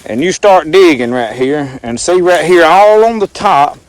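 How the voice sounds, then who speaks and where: A man's voice: a little high, unhurried, no room sound. A man, rambling folksy as he talks to the viewer through a camera mic outdoors in the woods. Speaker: outdoor vlogger. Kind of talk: casual outdoor demonstration. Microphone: handheld camera mic.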